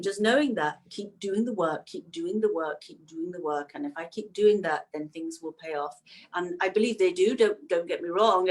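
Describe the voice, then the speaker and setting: A middle-aged woman from Manchester, England, chatting as a guest in an interview; she laughs often and her pitch leaps up when excited. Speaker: actress, guest. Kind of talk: casual interview chat.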